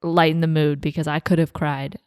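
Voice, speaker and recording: A woman's voice: deep voice, little pitch movement, normal speed, darkish tone, clean tone, no room sound, studio quality. A young woman co-hosting a podcast, chatting casually with lots of fillers, swearing and laughter. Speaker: podcast co-host. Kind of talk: casual chat.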